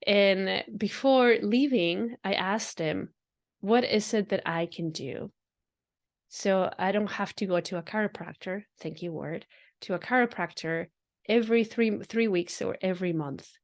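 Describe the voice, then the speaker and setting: A woman with a lilt talks through a reflective spiritual monologue as a podcast host. She sounds earnest and often circles back on her own phrases, with ordinary mid-range pitch. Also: a little slow.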